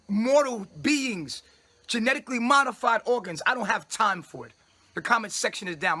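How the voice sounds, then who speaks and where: High, husky man preaching commands. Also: bright, forceful tone. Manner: commanding, grandiose proclaiming; repetitive, scolding tone at listeners. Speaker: self-styled spiritual leader addressing followers. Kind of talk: livestream preaching monologue.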